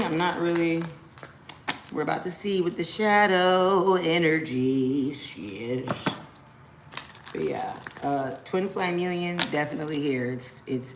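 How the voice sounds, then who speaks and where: A young adult woman giving a casual live-stream tarot reading, slangy and quick to exclaim. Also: deep voice, noisy background. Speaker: tarot reader.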